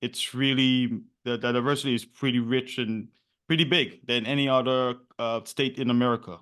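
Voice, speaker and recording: A man's voice: mid-range voice, steady tone, normal speed, fairly bright tone. Rambling, friendly New York man. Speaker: podcast host. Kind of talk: casual chat.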